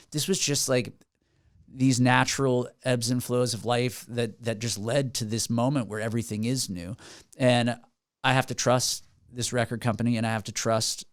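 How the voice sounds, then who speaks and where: A man's voice: medium pitch, clean tone, dry recording, clean studio sound. A man in his forties, a musician guest on a podcast, telling stories in an earnest, rambling way with many restarts. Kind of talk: casual podcast interview. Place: podcast studio.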